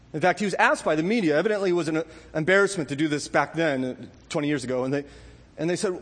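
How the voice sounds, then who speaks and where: A middle-aged man preaching a sermon as pastor, earnest, with his voice dropping low and slow and then rising high and impassioned. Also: a bit bright, long reverb tail.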